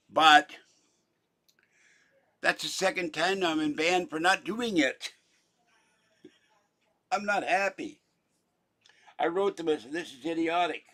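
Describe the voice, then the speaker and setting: A man's voice: mid-range voice, sharp tone. An older man from Pittsburgh, talking in a rambling, chatty monologue full of theatrical asides. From Pittsburgh, Pennsylvania. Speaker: vlogger.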